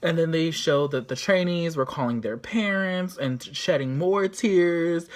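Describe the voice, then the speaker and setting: A woman chatting casually as she recaps and reviews a show episode, talkative and full of fillers, with lively reactions. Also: deep voice, unhurried.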